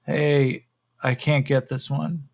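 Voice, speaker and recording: A man's voice: on the high side, flat delivery, takes it slowly, gravelly, pitched above the performer's own voice, heavily acted. A man voicing a naive, meek young human juicer who talks hesitantly and eagerly. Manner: hesitant, eager to please, trailing ums.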